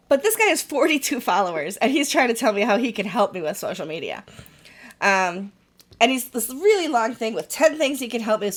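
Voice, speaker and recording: A woman's voice: mid-range voice, a bit bright. A woman co-hosting a podcast, telling a frank, wry story in casual chat and acting out the messages she quotes. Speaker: podcast co-host.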